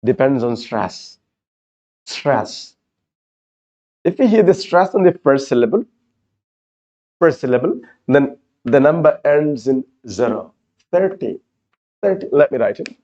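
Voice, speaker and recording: A man's voice: mid-range voice, expressive, unhurried, long pauses, darkish tone, dull audio. A man teaching an exam-prep class, repeating key words and explaining step by step. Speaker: IELTS teacher. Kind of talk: classroom lecture.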